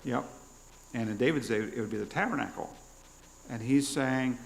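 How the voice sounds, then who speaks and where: A man's voice: medium pitch, moderate pace, gravelly, slight background noise, poor audio. A man preaching a sermon as pastor, teaching through questions and acting out quoted prayers. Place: church.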